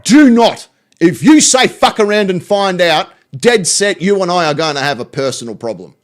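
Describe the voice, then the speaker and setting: Australian male host, high and animated voice, crude mocking rants, heavy swearing. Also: normal speed. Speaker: show host reacting to clips. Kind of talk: profane reaction commentary.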